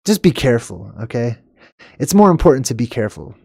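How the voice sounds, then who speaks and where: Excitable man with dry close sound. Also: fast, gravelly, no echo. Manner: animated, emphatic, pitch jumps up on stressed words; frequent fillers like okay and all right. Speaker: video host. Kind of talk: excited commentary on clips.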